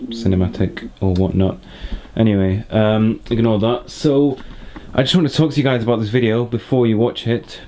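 A young man talks easily to his viewers, drifting between thoughts with plenty of fillers. His voice sits fairly low, with a mellow, darker tone. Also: slight background noise. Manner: chatty, laid-back, rambling with fillers. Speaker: motorcycle vlogger. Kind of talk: casual vlog chat to camera.

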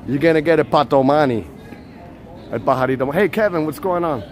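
On a live street vlog, a brisk, slightly high-voiced man from Puerto Rico strolls through the city at night, phone in hand. He keeps up a teasing, playful chat with viewers, punctuated by loud shouted names, as faint outdoor traffic and street noise carry in the background.

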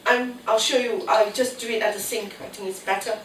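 A woman's voice: on the high side, fairly even intonation, a little fast. A woman with a cold hosting a casual cooking demonstration alone in her home kitchen, chatting to herself as she works. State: has a cold. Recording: echoey kitchen, mic at a distance, faint noise.

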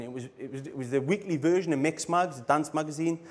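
A man's voice: a little high, fast talker, few pauses. A middle-aged man, telling rambling anecdotes in a casual conference talk and often laughing. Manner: rambling, laughs often, fillers like "you know what I mean". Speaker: speaker at a design conference. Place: live talk on a stage.

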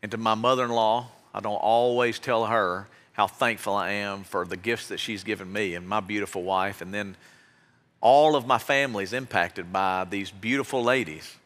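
A man's voice: on the low side, steady tone, moderate pace, a bit bright. A man preaching as pastor, giving an earnest, heartfelt exhortation to his congregation in a church. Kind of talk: sermon. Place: church sanctuary. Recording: long reverb of a large hall.

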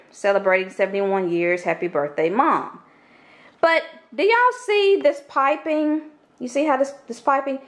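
A middle-aged woman, chatting animatedly and indignantly in a casual vlog from her home kitchen, recorded on a handheld camera. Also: mid-range voice. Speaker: vlogger.

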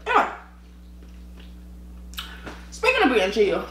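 Here a weary woman vlogs a mukbang, her mid-range voice at normal speed, pausing often over slight background noise. Animated and slangy, she laughs frequently and eats and sips between lines. She records on her own microphone in an echoey space.

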